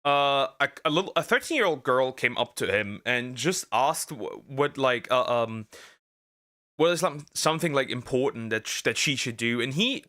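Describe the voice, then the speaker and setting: A man streaming as a vtuber rants bluntly through casual react commentary, rambling and halting with plenty of fillers and restarts. His mid-range voice is expressive and bright, with a forceful tone.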